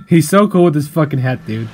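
Young dude doing lets play commentary, swears nonstop, yells at the game, super animated voice, some game music behind. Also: male voice, on the high side, brisk. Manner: swears a lot, flares into angry outbursts at the game; chatty, explaining as he plays. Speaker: gameplay commentator. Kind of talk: casual let's-play commentary.

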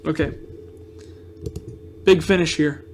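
A man giving casual let's-play commentary on a video game, reacting excitably with loud outbursts of frustration. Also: on the high side, slow, a little hiss or hum. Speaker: gameplay commentator.

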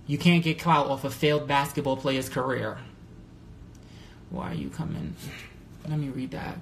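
Man, casual livestream chat, candid, swears a lot, voice leaps high when worked up, echoey room, faint background hum. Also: measured pace, long pauses. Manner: candid and profane, swings to high excited pitch. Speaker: livestreamer reading viewer comments. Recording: roomy echo with faint background noise.

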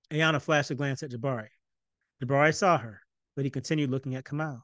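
A man reading his own novel aloud in an even storytelling narration. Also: medium pitch, fast talker, dry recording. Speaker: author.

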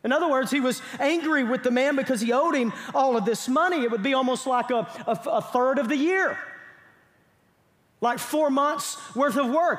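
A pastor with a strikingly high voice preaches emphatically, firing rhetorical questions at his congregation. His words ring out with a long reverb, as if recorded in a large church sanctuary. He drives each point home with insistent force. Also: animated, moderate pace, a bit bright. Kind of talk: sermon.

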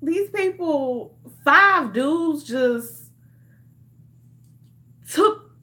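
High-voiced woman, impassioned vlogger. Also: animated, extremely slow, pushed and bright. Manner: impassioned, talks straight to viewers as "y'all". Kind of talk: emotional direct-to-camera commentary.

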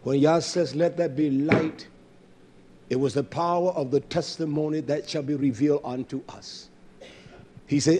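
Husky high-voiced man preaching fervently. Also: steady tone, moderate pace. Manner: swings from soft and low to loud shouting; blunt, scolding, repeats lines for stress. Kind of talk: sermon. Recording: live-streamed service.

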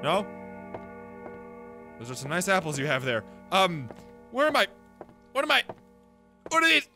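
A man's voice: high-pitched, wildly swooping pitch, unhurried, sharp tone, faint music behind. A man doing horror game commentary, jumpy, screaming and laughing nervously. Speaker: gameplay video host.

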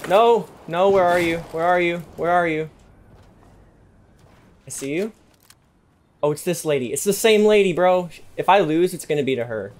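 A young man giving excitable live commentary over his own video game match, repeating himself under pressure. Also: high voice, normal speed, long pauses, slight background noise. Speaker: gaming youtuber.

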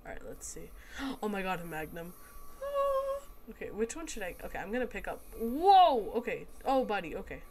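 A woman giving casual let's-play commentary as she plays a video game, excitable and quick to exclaim at the action. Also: mid-range voice, a little hiss or hum.

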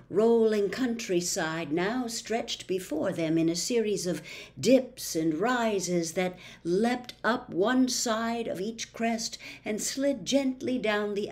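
A woman reading a children's novel aloud as narrator, expressive and unhurried. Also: medium pitch. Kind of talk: storybook read-aloud.

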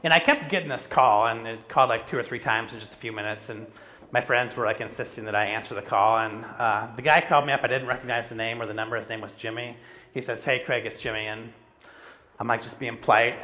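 A middle-aged pastor preaches in a relaxed, chatty way, telling a story on himself with plenty of "like" and "you know". His voice is bright and ringing. A faint hum of the room sits behind him. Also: medium pitch, fairly quick. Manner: conversational, self-deprecating storytelling with frequent "like". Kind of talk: sermon with personal stories. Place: church sanctuary.

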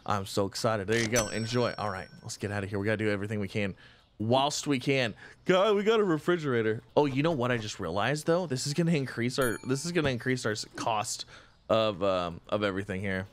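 Excitable man with a lively voice. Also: medium pitch, fairly quick. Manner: excitable, chatty, thinks aloud, frequent exclamations. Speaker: gaming channel host. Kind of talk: casual let's-play commentary.

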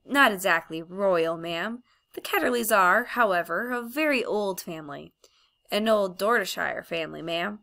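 A frightened old gentleman who stammers and fawns, as a woman reading an audiobook puts him on. The voice is gravelly and bright, and it gets louder as he grovels. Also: medium pitch, lively intonation, moderate pace. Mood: flustered. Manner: stammering, obsequious. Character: nervous fawning old gentleman magician.

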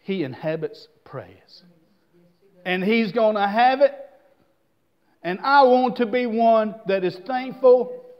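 A male pastor with a very high voice delivers a folksy sermon slowly during a church service. The recording is a dull, lo-fi church tape.

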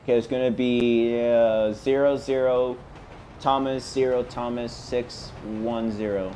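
A man's voice: medium pitch, steady tone, unhurried, warm tone, slight background noise. A man hosting a game role-play, talking casually in the part of a police officer, hesitant with fillers, on a headset. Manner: chatty, hesitant, many uh fillers and restarts. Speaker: host playing a police officer.

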